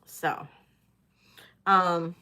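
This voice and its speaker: A woman's voice: on the low side, fairly even intonation, very slow, bright, forceful tone, smooth. A woman selling jewelry in a live-stream auction, chatty and hesitant with many fillers. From United States.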